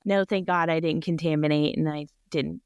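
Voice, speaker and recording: A woman in her forties, a surgical technology department chair, telling an animated personal story in a podcast interview and laughing often. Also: deep voice, moderate pace, smooth, no room sound, studio quality. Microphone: podcast microphone.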